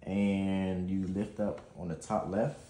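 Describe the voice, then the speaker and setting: A man's voice: low voice, steady tone, takes it slowly, warm tone, reverberant, a little hiss or hum. A man hosting a gaming channel, chatting casually through an unboxing and install tutorial, laid-back and prone to swearing and laughing.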